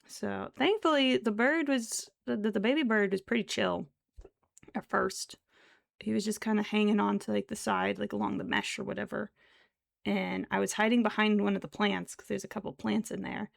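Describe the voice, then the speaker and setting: A young woman streamer chatting casually while she crochets, rambling along with soft laughs and half-whispered asides. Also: medium pitch, fairly even intonation, moderate pace, creaky. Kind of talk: casual chat while crafting.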